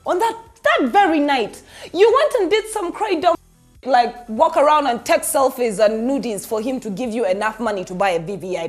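A young woman hosting a celebrity gossip show, sarcastic and laughing as she talks straight to viewers. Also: high-pitched. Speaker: entertainment news host. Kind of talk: sassy celebrity gossip commentary.

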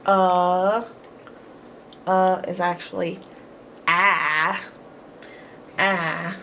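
A woman teaching a homeschool phonics lesson, sounding out each word slowly and repeating every sound, with encouraging praise. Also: lowish voice, fairly even intonation, bright, forceful tone, slight background noise. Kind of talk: slow, drawn-out phonics lesson.

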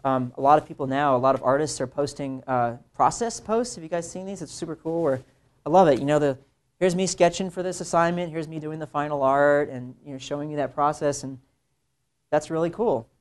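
A young adult man, an illustrator, giving a casual classroom talk to students, conversational and animated, slipping into mimicked voices for quoted asides. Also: on the high side, fairly quick.

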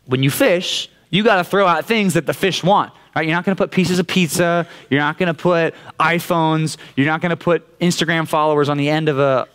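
Speaking briskly with few pauses, a young man with a Californian accent delivers a laid-back sermon to a youth group in a church youth room. As their youth pastor, he has a slightly high, bright, clean voice and keeps asking "right?" in a conversational way.

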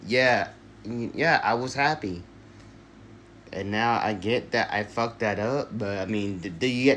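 A man's voice: medium pitch, slight background noise, poor audio. A man in a self-dialogue skit, frustrated and swearing, breaking off and restarting his sentences. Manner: frustrated, profane, halting restarts. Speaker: skit creator.

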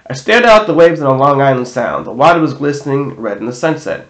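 A man reads a novel aloud at an ordinary middle pitch. He reads casually and corrects his own slips as he goes, and his voice carries a roomy echo. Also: animated, a little fast, few pauses. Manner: casual reading with self-corrections. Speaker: audiobook reader.

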